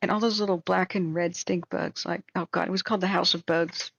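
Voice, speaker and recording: A woman hosting a livestream, telling a rambling story in a casual, animated way, acting out what people said. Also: lowish voice, fairly quick, gravelly, slightly rough, dull audio. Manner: animated, rambling, acts out quotes with shrieks and laughs. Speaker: livestream host.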